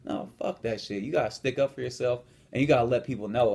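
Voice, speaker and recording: Young man, fitness coach, blunt, cocky, swears a lot, casual vlog rant, mid-pitched. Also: quick pace, creaky, few pauses, a little mellow. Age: young adult. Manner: blunt, profane, swaggering.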